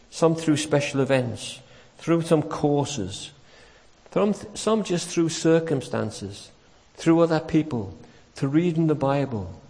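A man preaching a sermon, telling a story with lively emphasis and acting out the quoted lines. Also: medium pitch. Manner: animated storytelling, acts out quotes, chuckles warmly. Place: church. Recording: church hall with long reverb.

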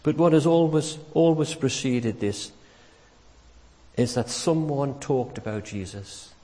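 A man delivers a sermon in a church, his voice sitting at an ordinary middle pitch. He tells the story with animated emphasis and acts out the quotes. A long reverb from the hall trails after his words. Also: takes it slowly. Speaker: preacher.

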